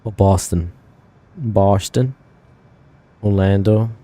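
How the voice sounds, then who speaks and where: Male sim streamer, casual live chat, rambling and self-correcting, low and mellow tone. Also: takes it slowly. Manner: thinking aloud, rambling with fillers and self-corrections.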